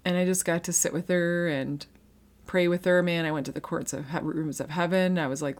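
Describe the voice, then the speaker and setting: A woman in her thirties speaks in a low, dusky voice, sharing a personal faith testimony. She talks earnestly and conversationally, stumbling over restarts and fillers, and her voice carries the strain of someone close to tears. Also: steady tone, brisk. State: emotional, near tears.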